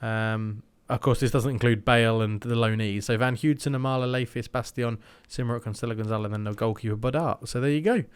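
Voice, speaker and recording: A man's voice: medium pitch, a little fast, hardly any pauses, clear, resonant tone. A young man giving casual gameplay commentary, thinking aloud and slipping into mock match commentary. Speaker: gaming YouTuber.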